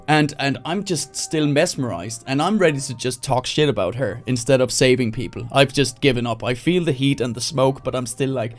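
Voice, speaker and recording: A man from Denmark telling a stand-up story live, animated, jumping into loud high yelling voices for the people he quotes. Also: normal speed, soft background music. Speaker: stand-up comedian. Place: indoors, livestream.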